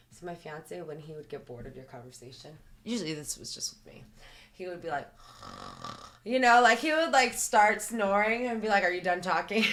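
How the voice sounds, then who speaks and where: Low-voiced woman telling a personal story. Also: a bit bright. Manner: earnest, detailed retelling with frequent "like" fillers. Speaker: podcast guest. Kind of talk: personal storytelling in a podcast interview.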